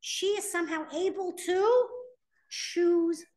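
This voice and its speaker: A Torah teacher speaks slowly in a very high voice to her students in a classroom. With animation, she reads Hebrew sources aloud, then translates them while explaining.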